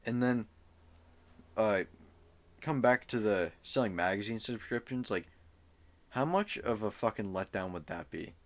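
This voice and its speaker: A man's voice: on the low side, expressive, unhurried, pauses often. A young man co-hosting a podcast, telling a story loosely in casual chat, with fillers and swearing. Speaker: podcast co-host.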